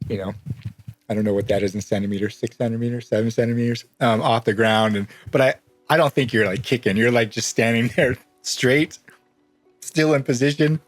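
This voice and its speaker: Chill gm dude narrating, laughs a lot, mid voice, faint music behind. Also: male voice, medium pitch, fairly even intonation, a little fast. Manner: loose, laughing, rambling. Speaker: game master. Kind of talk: narrating a tabletop game.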